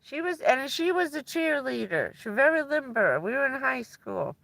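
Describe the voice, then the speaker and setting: A woman's voice: high-pitched, very animated, normal speed, gravelly, a bit bright. A woman livestreaming from inside her van, chatting casually with viewers and laughing often as she tells stories.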